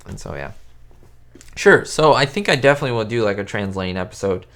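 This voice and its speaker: A fast-talking, animated man with a fairly low but fairly bright voice answers live chat as a YouTube host; Spanish is his first language. On a webcam setup, he rambles casually with fillers and restarts, greeting viewers by name.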